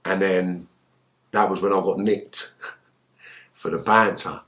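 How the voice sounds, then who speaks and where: A middle-aged man, a guest in an interview, telling rough stories with heavy swearing and acting out quotes loudly. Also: sits low, slow pace. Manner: animated, swears heavily, acts out quotes in a raised voice. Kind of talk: storytelling in an interview.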